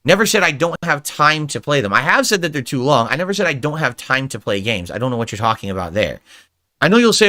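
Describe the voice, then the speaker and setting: Ranting male streamer, bright tense voice. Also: on the high side, big pitch swings, quick pace. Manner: irritated, ranting and mocking. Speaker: streamer reading viewer suggestions. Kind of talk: livestream commentary.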